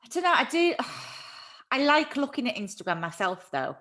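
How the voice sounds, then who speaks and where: A woman's voice: high voice, very animated, normal speed, a bit bright. A woman hosting a casual live chat, talking freely and laughing often at herself. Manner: chatty, laughs often, self-deprecating. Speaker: livestream host.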